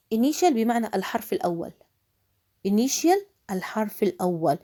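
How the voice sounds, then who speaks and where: A woman teaching English vocabulary to middle schoolers in a recorded lesson. She says each word slowly and carefully, repeating it, and her voice sits in a middle pitch. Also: animated, a little mellow. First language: Arabic. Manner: slow, drawn-out repetition of each word, switching into Arabic to explain.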